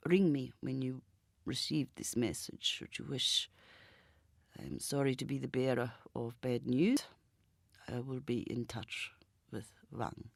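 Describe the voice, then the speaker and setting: A woman reading aloud, voicing a formal, measured German man with a German accent who speaks politely and carefully. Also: extremely low pitch, steady tone, vocal fry, dry recording, voice pushed down, heavily acted.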